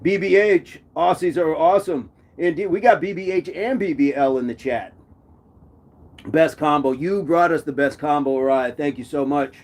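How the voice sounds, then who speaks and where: A man's voice: a little high, moderate pace, a little mellow. Playful man hosting a live chat. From United States. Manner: playful, laughs often, repeats phrases. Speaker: live stream host. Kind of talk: casual live chat reading comments.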